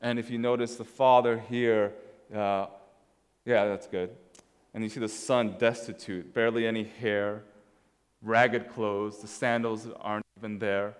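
A man's voice: on the low side, little pitch movement, a little slow, clean tone, long reverb tail. A man preaching a sermon in a casual, conversational way, telling a story as he walks through slides. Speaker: pastor.

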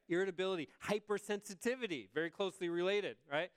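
A man gives a sermon in an easygoing, conversational manner, often pausing to check in with the congregation. His voice sits a little high for a man and sounds smooth and clear. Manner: conversational, asks the congregation "right?". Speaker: pastor.

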